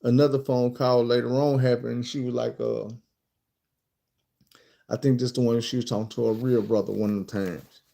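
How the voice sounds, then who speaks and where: A middle-aged man telling a story in a blunt, profane, animated way. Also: mid-range voice, normal speed, vocal fry. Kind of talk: casual storytime.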